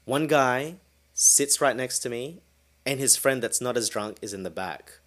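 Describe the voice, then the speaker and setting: A man hosting a solo podcast, telling a story in a casual, animated way and swearing freely. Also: mid-range voice, a little slow. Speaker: podcast host.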